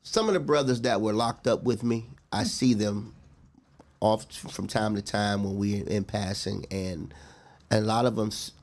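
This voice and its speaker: A middle-aged man talking earnestly as a guest in a casual interview, reflective and quick to laugh. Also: fairly low pitch, a little mellow.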